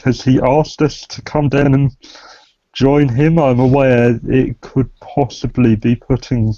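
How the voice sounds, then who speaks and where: A man with a dark, mellow voice who talks slowly and cautiously as he plays a tabletop game online. He pauses on fillers as he weighs each choice. His voice comes over a dry, muffled call line. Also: medium pitch, flat delivery, dry recording. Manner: slow and cautious, hesitant fillers. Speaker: player. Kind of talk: casual tabletop play.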